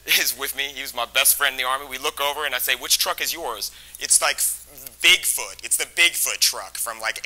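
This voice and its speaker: A man's voice: mid-range voice, pushed and bright, low-quality recording. A man telling a comedic true story in loose, casual phrasing, laughing between phrases. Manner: loose casual phrasing with lots of "like" and "you know".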